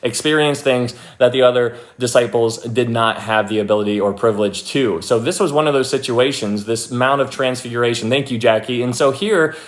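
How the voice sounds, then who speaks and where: A young man leading a casual livestream Bible study, chatty and animated, thanking viewers by name and acting out quoted people. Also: mid-range voice, fairly quick, few pauses. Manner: frequent fillers and restarts, thanks viewers by name.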